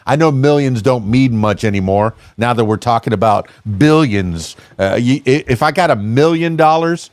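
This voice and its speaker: A man's voice: medium pitch, expressive, normal speed, hardly any pauses, no room sound, studio quality. A man hosting a casual podcast, playful and teasing, rambling with lots of fillers. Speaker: podcast host.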